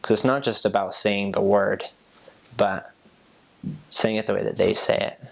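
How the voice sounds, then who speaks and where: A young man talks casually, with a very low voice and a gravelly creak. He is a former missionary explaining phrases, easygoing and chatty. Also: measured pace. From United States. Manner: relaxed, chatty, with fillers and soft laughs.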